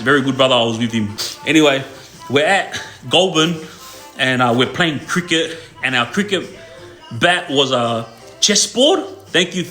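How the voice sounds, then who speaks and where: A man's voice: fairly high pitch, sharp tone. A man and former inmate telling prison stories to livestream viewers in a loose, laid-back way, with lots of fillers and tag questions. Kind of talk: casual storytelling to viewers.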